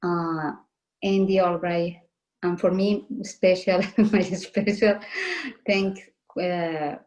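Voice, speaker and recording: A woman giving thanks in hesitant English with a non-native accent, pausing often between words. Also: lowish voice, level tone, a little mellow. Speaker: guest business owner. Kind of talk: casual thank-you speech.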